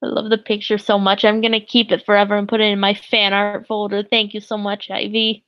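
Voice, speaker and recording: A woman's voice: mid-range voice, monotone, fairly quick, clear, resonant tone, no echo, dull audio. A woman streamer chatting casually, giggly and gushing, a little flustered. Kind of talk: casual live-stream chat.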